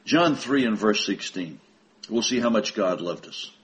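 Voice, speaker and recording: A man preaching a sermon to his congregation, speaking slowly and deliberately with emphatic pauses. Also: on the low side, animated, low-quality recording. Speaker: minister.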